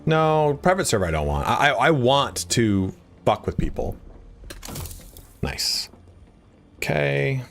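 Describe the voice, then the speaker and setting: A man chatting casually while live-streaming a game, excitable and swearing, his voice jumping up high when he gets worked up. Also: slow pace, gravelly, pauses often.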